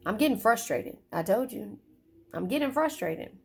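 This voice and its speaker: Woman, tarot reader, casual reading, chatty, curses freely, gravelly voice. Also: fairly high pitch, animated, normal speed, a little mellow. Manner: chatty, swears, repeats phrases.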